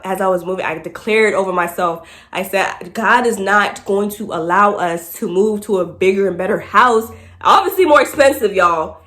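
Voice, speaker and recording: A woman tells a story straight to her viewers in a loose, chatty way. She laughs often, and she jumps into high voices whenever she acts out what other people said. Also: a bit bright. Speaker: vlogger. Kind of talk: casual storytelling to camera.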